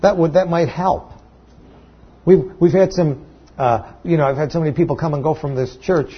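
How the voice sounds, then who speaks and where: A man's voice: fairly high pitch, moderate pace, breathy edge, highs cut off. A man preaching a sermon to his church, talking in a conversational way with restarts and sudden emphatic peaks. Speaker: pastor.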